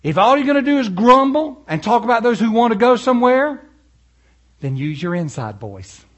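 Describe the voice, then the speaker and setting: A male pastor, preaching in a folksy, animated way with storytelling asides. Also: extremely high pitch, moderate pace. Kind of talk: sermon.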